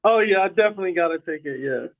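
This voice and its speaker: A man's voice: high voice, animated, very fast, noisy background. A man in his thirties from the San Francisco Bay Area, casually telling stories in an interview. He repeats words as he goes and acts out the quoted voices. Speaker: guest, former pro football player.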